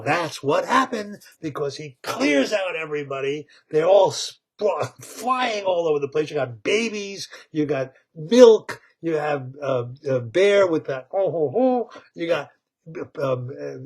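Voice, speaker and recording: A man retelling a story with excitement, repeating words, laughing and tripping over tongue twisters. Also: on the high side, slightly rough.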